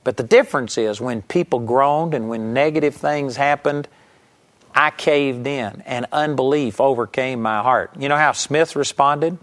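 A man's voice: medium pitch, a little slow. Emphatic storytelling male preacher. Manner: storytelling, emphatic, swings from loud to hushed. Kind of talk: sermon.

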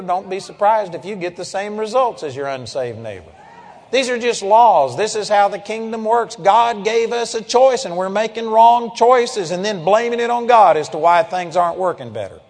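A man with a high-pitched voice preaching a sermon. He hammers his points with emphatic declarations, then drops into low, intense passages. His voice carries a long hall reverb. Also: a little mellow.

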